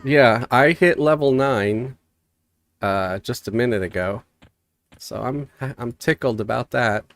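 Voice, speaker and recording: Slow-talking stuffy man streaming a game. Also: medium pitch. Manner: relaxed, rambling, reads chat aloud. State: stuffy from a cold. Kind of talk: casual live-stream game chat.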